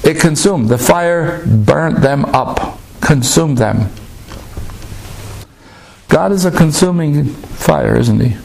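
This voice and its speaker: A man preaching a sermon, slowly retelling a scripture story with emphatic asides to the congregation. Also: fairly high pitch, animated, gravelly, a little mellow, slight background noise.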